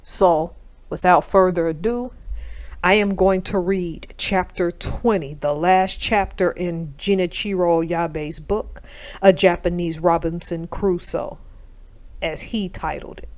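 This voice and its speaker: A woman hosting her own channel, slightly out of breath from illness, giving measured comments and then reading a book chapter aloud. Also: fairly low pitch, fairly even intonation, darkish tone.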